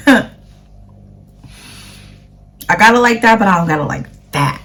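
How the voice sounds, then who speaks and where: A woman's voice: medium pitch, a little slow, pauses often. A woman from the United States, a vlogger chatting casually to camera in a rambling way with plenty of fillers.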